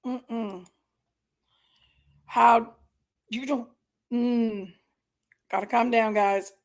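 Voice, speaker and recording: A woman's voice: fairly high pitch, steady tone, very slow. A woman hosting a live stream, reacting to videos with indignant, exasperated commentary to her chat. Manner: indignant, exasperated, keeps apologizing to viewers.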